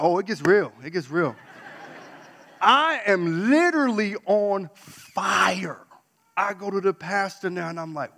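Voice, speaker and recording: A man sharing a personal faith testimony in an earnest storytelling way, dropping to a hush and then rising to loud excitement. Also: on the high side, in a large hall. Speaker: church member sharing his testimony.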